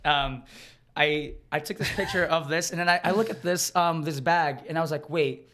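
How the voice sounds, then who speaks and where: A young man in his twenties telling a long story on a podcast. He rambles casually and laughs between lines. His voice sits slightly high for a man. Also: normal speed, sharp tone. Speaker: podcast co-host.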